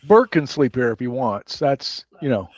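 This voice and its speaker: A man playing a tabletop game, speaking haltingly and repeating his words. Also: mid-range voice, big pitch swings, a little mellow, dry recording, lo-fi sound. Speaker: player.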